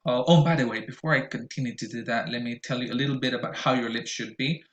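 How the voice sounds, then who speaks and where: Man slowly modeling English vowels. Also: medium pitch, fairly even intonation, reverberant, highs cut off. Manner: slow, deliberate, exaggerated vowel modeling with frequent fillers. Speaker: English pronunciation teacher. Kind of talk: recorded pronunciation lesson.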